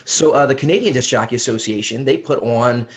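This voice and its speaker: A man's voice: mid-range voice, a little fast, poor audio. A man from the United States, a wedding DJ and emcee, chatting in a friendly, storytelling way as a guest. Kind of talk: casual interview chat.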